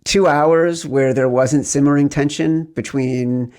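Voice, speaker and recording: A man's voice: on the high side, fairly even intonation, measured pace, darkish tone. A middle-aged man hosting a sports betting podcast, chatting playfully and breaking into sing-song greetings. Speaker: podcast host.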